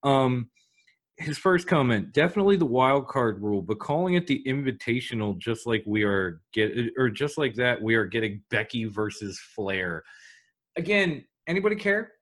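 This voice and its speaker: A man's voice: mid-range voice, normal speed. A man co-hosting a casual wrestling chat stream, reading out viewer comments and joking with friends. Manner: animated, reads viewer comments. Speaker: podcast co-host. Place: home, live stream call.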